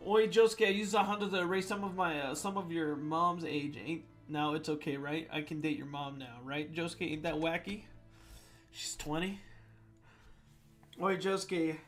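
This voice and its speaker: A man reading submitted fan jokes out loud in a playful comedic voice, with sudden loud swings. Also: fairly high pitch, fairly even intonation, normal speed, faint music behind.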